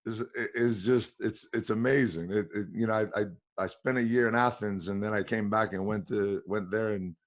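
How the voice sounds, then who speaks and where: A man's voice: on the low side, steady tone, normal speed, few pauses. A man hosting an interview show, talking in an easygoing, chatty way with frequent restarts. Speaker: host. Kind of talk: interview podcast.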